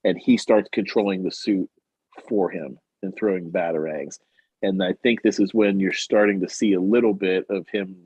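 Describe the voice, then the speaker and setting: A low-voiced man on a podcast, animatedly retelling a comic plot and slipping into the characters' lines. The sound is dry and a little dull and muffled. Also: a little mellow, husky, no room sound. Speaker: podcast co-host. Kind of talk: casual chat recapping a comic.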